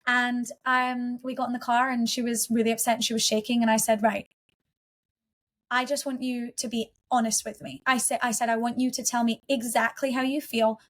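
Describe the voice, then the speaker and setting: Earnest higher-voiced woman guest. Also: little pitch movement, moderate pace, a bit bright. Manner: earnest, heartfelt, with frequent restarts. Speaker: podcast guest. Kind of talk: emotional personal storytelling.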